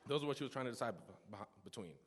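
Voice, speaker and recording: A man's voice: medium pitch, expressive, rapid-fire, husky. Young man's earnest church testimony, reverberant. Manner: earnest storytelling with frequent restarts and asides. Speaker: youth speaker giving a testimony. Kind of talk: personal testimony talk in church worship. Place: church sanctuary.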